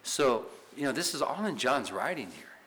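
A man preaching in an emphatic teaching style, his voice bright and forceful at a middling pitch. He keeps asking the room questions and checking in with quick "right?" tags as he works through scripture. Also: big pitch swings, rough recording. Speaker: pastor teaching a Bible study. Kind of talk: sermon-style Bible teaching.

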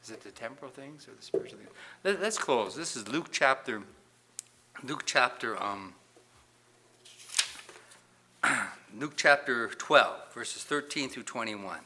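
Guy preaching in church, emphatic, punchy questions, crisp bright voice. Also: mid-range voice, animated, unhurried, pauses often, slight background noise. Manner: emphatic preaching, rising loud on questions and Bible quotes. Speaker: pastor. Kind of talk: sermon.

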